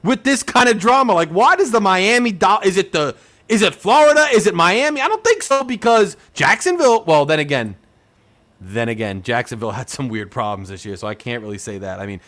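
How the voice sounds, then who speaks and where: A young man hosts a casual sports talk show, venting in a loose, excitable fan rant. His voice sits high and leaps all over the place. He fills his talk with "like" and asks one exasperated question after another. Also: a little fast. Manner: animated, ranting, rhetorical questions, says "like" a lot. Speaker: podcast host.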